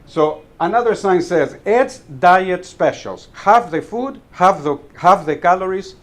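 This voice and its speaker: A man with a fairly high voice tells funny stories at a club meeting. He acts out the lines of the people in his anecdotes and laughs at his own punchlines. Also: animated, unhurried. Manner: storyteller acting out dialogue, chuckling at his own jokes. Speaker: club member giving a talk. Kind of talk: humorous club speech telling anecdotes. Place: meeting room.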